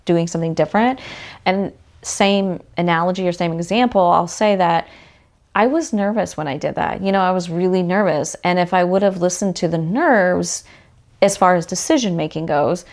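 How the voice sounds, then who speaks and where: A woman's voice: mid-range voice, a little mellow. Chatty woman hosting a solo talk. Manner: chatty, frequent "like" fillers; talks directly to the listener with questions. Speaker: podcast host.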